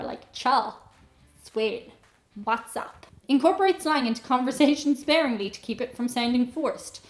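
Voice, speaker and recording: A woman, hosting and reading a tutorial aloud with deadpan jokey asides. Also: on the high side. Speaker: host. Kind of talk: comic reading of an accent tutorial. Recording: echoey room with faint music.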